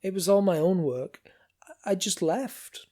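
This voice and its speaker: A man's voice: high-pitched, a little slow, mellow, pitched above the performer's own voice. A man voicing a weary, earnest male worker who halts while he confesses. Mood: confessing.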